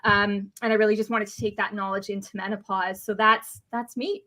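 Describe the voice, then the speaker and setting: Bright-voiced Canadian woman guest. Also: mid-range voice, level tone, a little fast. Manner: friendly, with frequent fillers like um and you know. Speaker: guest dietitian. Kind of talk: interview conversation.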